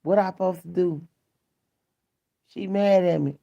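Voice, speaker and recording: Gravelly middle-aged woman, blunt storyteller. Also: fairly low pitch, steady tone, unhurried. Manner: candid, blunt storytelling in colloquial speech. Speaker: vlogger. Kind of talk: casual chat. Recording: dull lo-fi sound.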